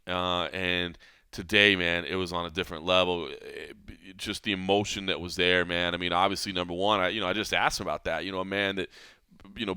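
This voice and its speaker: A man's voice: low-pitched, sharp tone, clean tone, no echo. Earnest man hosting an MMA podcast. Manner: earnest, reflective, many restarts. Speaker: podcast host. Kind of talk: casual MMA podcast talk.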